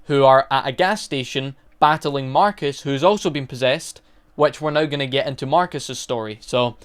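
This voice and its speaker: A man's voice: fairly high pitch, clean tone. A man recapping a horror movie in a casual, rambling way, stopping often to correct himself. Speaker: movie reviewer.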